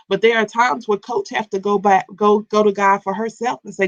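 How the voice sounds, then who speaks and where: A woman's voice: medium pitch, fairly even intonation, brisk, few pauses, dull audio. Woman preaching a morning devotional. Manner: preachy and repetitive, with stammered restarts and direct address. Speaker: life coach and minister. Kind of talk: live-streamed morning devotional talk.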